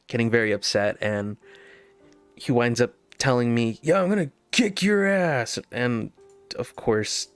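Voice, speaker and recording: A gaming host's smooth, mid-range voice carries a rambling story during casual gameplay commentary, peppered with fillers and nervous laughter. There's no echo.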